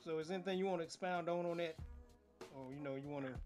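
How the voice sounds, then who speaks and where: Laid-back man co-hosting, higher voice. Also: fast talker, darkish tone, faint music behind. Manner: laid-back, laughs along, riffs on jokes. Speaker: podcast co-host. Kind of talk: casual chat.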